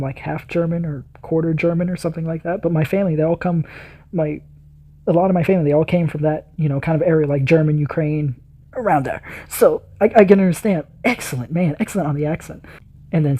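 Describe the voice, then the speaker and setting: A man's voice: a little high, fast, mellow. A man hosting a reaction video, giving enthusiastic, rambling commentary full of fillers.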